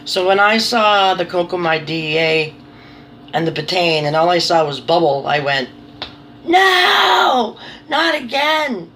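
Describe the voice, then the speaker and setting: A woman's voice: deep voice, fairly even intonation, normal speed, a bit bright, a little hiss or hum. A woman chatting casually to her viewers in a rambling, apologetic, self-deprecating way, swearing now and then. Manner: nervous, apologetic. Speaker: vlogger. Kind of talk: casual chat to camera.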